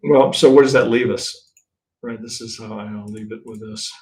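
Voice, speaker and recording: A man teaching trading in a live-stream chart review, thinking aloud in a blunt, profane way and tagging his points with a quick "right?". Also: mid-range voice, fairly even intonation, a little mellow. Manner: thinks aloud, counts waves, restarts often. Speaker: trading instructor.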